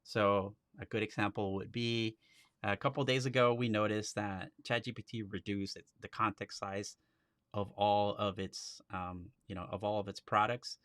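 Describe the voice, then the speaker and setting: Male instructor, low voice, casual live-stream demo host, loose and chatty. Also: fairly even intonation, normal speed, a bit bright, no room sound, clean studio sound. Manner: chatty, with frequent restarts. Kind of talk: casual software demo walkthrough.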